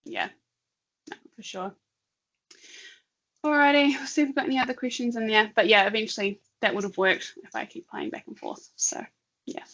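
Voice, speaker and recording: A woman with a bright, forceful voice co-hosts a casual online session, talking her way through a live software demo and laughing often. Her audio comes through a slightly dull, lo-fi video call line. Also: fairly high pitch, normal speed, pauses often. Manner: chatty, laughs often, thinks aloud. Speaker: webinar co-host.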